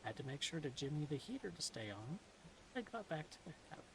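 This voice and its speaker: A woman reading a novel aloud in a soft-spoken ASMR style, slipping into whispers now and then, with dry, deadpan humor. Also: sits low, fast, noisy background. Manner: soft, dips into whispers at times.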